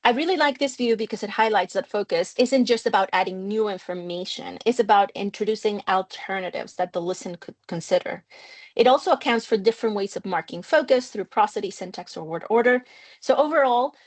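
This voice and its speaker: A middle-aged woman from Mexico who speaks English as her second language gives a seminar lecture. She explains clearly and engagingly, often drawing on personal stories. The talk comes through a video call. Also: medium pitch, fairly quick. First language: Spanish. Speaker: linguistics researcher giving a seminar talk. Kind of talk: academic lecture.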